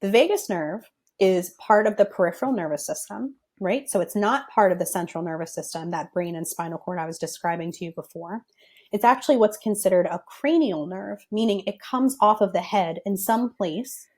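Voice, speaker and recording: A woman's voice: mid-range voice, moderate pace, a little mellow. Woman explaining step by step. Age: young adult. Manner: thoughtful, explains step by step with hedges. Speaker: podcast guest, physical therapist. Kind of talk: explanatory podcast conversation.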